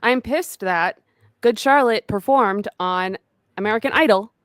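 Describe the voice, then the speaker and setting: A woman co-hosting a laid-back podcast, tossing in blunt, sardonic remarks and short reactions. Her voice sits at an ordinary middle pitch and sounds dry and close on the mic. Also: a little slow, dry recording. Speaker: podcast co-host. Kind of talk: casual podcast chat.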